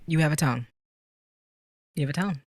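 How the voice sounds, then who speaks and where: A woman's voice: low-pitched, moderate pace, no room sound, studio quality. A young woman co-hosting a casual chat, telling stories and teasing her partner. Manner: teasing, animated storytelling. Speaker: co-host.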